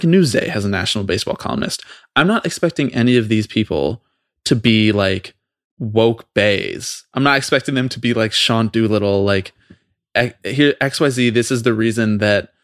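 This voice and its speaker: Low-ish voiced guy going off on a podcast, swearing a lot, super dry close mic. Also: no room sound. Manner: fast, profane, exasperated ranting. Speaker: podcast co-host. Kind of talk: heated casual podcast rant.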